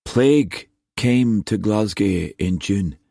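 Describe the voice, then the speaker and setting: A man's voice: lowish voice, takes it slowly, creaky, no room sound, clean studio sound, full character voice. A man voicing a frail young man in an audiobook, speaking dully in a thin, weary voice. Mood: numb. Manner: dull, flat, weary. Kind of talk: audiobook character voice.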